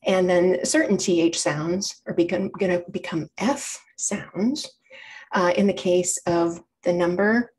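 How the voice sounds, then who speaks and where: A woman's voice: lowish voice, a little slow, darkish tone. Chatty woman lecturing. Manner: chatty, explanatory, frequent self-corrections. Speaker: library program presenter. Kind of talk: informal public lecture.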